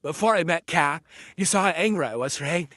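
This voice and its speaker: A man giving an emotional speech, halting and stumbling over his words. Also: on the high side, lively intonation, fairly bright tone, dry recording, studio quality.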